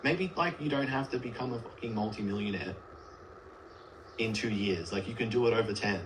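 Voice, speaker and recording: Rambling low-voiced man arguing his point. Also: brisk, slight background noise, poor audio. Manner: rambling, heavy filler words, earnest. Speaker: livestream guest. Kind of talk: casual debate on a livestream.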